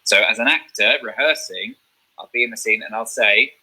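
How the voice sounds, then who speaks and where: Bright, husky-voiced male teacher. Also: mid-range voice, expressive, normal speed, low-quality recording. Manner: explains step by step, checks in with "okay?". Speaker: drama teacher. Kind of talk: online revision lesson.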